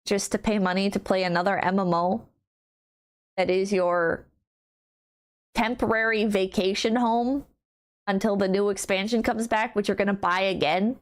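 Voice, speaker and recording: A woman's voice: mid-range voice, steady tone, moderate pace, pauses often. A woman streamer chatting casually with her viewers, blunt and wry, with frequent swearing. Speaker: streamer reading chat. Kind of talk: casual livestream chat.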